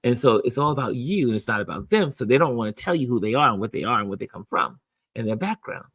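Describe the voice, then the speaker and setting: Male community host, casual storyteller, dry close sound, slightly husky voice. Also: mid-range voice, fast talker, no echo. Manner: animated storyteller, acting out both sides of a conversation; chatty, with many restarts and repeated "I said". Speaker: game night host.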